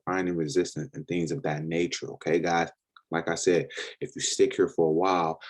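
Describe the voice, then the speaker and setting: Deep husky man teaching casually. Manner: casual, repetitive, addresses viewers as guys. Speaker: trading educator and podcast host. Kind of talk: casual screen-share lesson.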